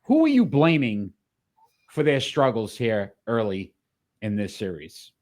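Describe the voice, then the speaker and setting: A man hosting a weekly sports talk show. His voice sits on the low side, and he delivers with upbeat, announcer-style energy. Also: wildly swooping pitch, a little slow, darkish tone.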